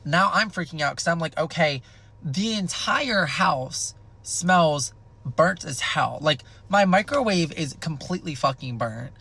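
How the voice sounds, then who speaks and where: Creaky, bright-voiced young man telling a story. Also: a little high. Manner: animated, profane, dramatic retelling. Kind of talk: casual storytime.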